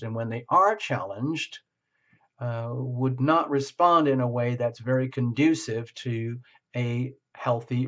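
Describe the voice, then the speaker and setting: A man's voice: mid-range voice, fairly bright tone. Guy doing a tarot reading, rambly and blunt, muffled lo-fi sound. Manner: rambling, searching for words, frank. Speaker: tarot reader. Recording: slightly muffled lo-fi recording.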